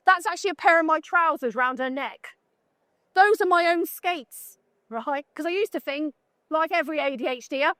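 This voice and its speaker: High-voiced blunt British woman. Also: fairly bright tone, no room sound, clean studio sound. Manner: blunt, joking, chatty, asks the audience questions. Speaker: photographer giving a talk. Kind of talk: live conference talk. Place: conference talk room at a trade show.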